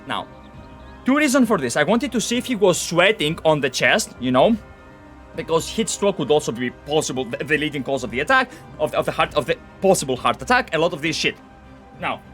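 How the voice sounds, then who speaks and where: A man streaming a game, telling a story in animated, profane casual chat. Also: sits high.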